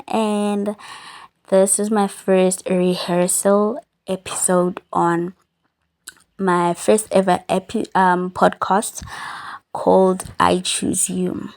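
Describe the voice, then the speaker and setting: A young woman speaks in a relaxed, confessional podcast monologue from her bed. Her voice has a gravelly, creaky edge. She is chatty and candid and chews gum as she talks. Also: mid-range voice. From South Africa. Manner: chatty and candid, chewing gum while talking. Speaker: podcast host. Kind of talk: casual reflective monologue. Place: lying on a bed at home.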